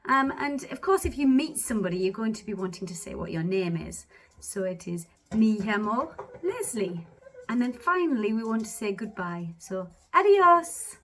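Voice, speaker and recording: A woman teaching basic phrases in a lively, expressive way. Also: medium pitch, a little fast.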